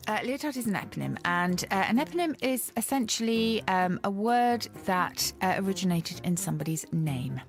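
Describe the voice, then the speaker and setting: A woman's voice: mid-range voice, lively intonation, moderate pace, few pauses, faint music behind. A woman co-hosting a podcast, explaining word histories in a thoughtful, chatty way. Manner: thoughtful, explanatory, with many fillers. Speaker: podcast co-host, lexicographer. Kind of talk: casual chat.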